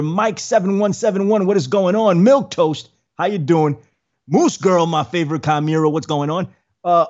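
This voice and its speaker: In a muffled recording, a man with a voice on the high side hosts a casual livestream podcast. He rambles and repeats words while greeting the chat with friendly shout-outs.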